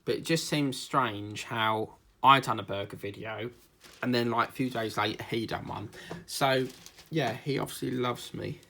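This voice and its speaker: A man with a gravelly, creaky voice chats casually as he hosts a craft video. He rambles and digresses, jokes along the way and leans on plenty of fillers. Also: on the low side, fairly bright tone, slight background noise. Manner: chatty, digressive, jokey, with many fillers. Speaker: craft channel host.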